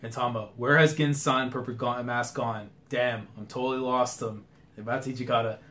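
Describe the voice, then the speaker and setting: A man's voice: medium pitch, fairly even intonation, moderate pace, fairly bright tone. A young man reading a manga aloud for a live reaction video, breaking off into slangy asides. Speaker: anime and manga reaction youtuber.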